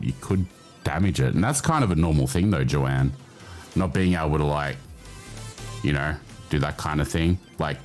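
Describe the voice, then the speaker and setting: A man with an Australian accent hosting a casual livestream chat, reading his chat aloud, swearing freely and laughing often. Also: low voice. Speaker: livestream host.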